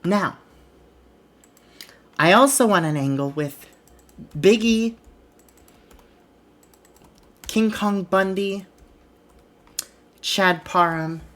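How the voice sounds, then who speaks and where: A woman's voice: medium pitch, extremely slow, long pauses. A woman streamer casually narrating a wrestling booking game, retelling scenes in a chatty way.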